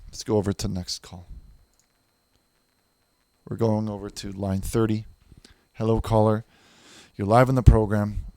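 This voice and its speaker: A man's voice: on the low side, level tone, a little slow, long pauses, warm tone, no echo. A man hosting a comic call-in show, self-righteous and defensive as he lectures his callers.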